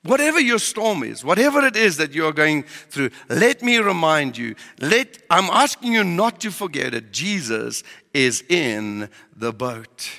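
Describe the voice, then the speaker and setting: Pastor guy preaching, bright gravelly voice, lots of questions, hall reverb. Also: high voice, big pitch swings, normal speed, hardly any pauses. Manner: preaching with emphatic rhetorical questions. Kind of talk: sermon.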